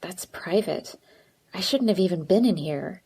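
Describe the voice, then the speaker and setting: A nervous, withdrawn teenage girl who speaks in a quiet, hesitant way, as a woman reads her in an audiobook. Her voice sits lowish. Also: animated, a little slow, husky, heavily acted.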